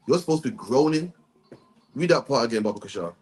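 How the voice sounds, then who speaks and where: A man's voice: medium pitch, lively intonation, fast talker, a little mellow. A man leading a bible study, talking emphatically and tagging his sentences with "man". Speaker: religious teacher.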